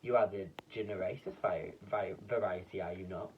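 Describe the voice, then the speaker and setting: A man's voice: low voice, moderate pace, dull audio, a little hiss or hum. A man putting on a pompous old duke. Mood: grand. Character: grand, excitable old male duke.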